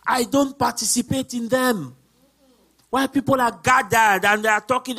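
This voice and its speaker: A man, a deacon, preaching a sermon with emphatic, repetitive lines that build up to shouts. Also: extremely high pitch, normal speed.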